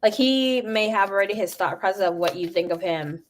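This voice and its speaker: A woman's voice: mid-range voice, a little fast, a little hiss or hum. A young adult woman giving a live tarot reading, talking frankly and swearing freely. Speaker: tarot reader.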